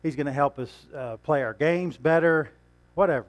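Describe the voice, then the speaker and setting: A man's voice: a little high, moderate pace. A man preaching a sermon in a conversational way, asking rhetorical questions and chuckling now and then.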